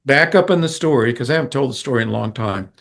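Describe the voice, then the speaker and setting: An older man, a musician being interviewed, telling a story in an animated way and acting out the people in it. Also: mid-range voice, fast talker, vocal fry. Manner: animated, vivid storyteller who acts out quoted people. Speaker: guest musician.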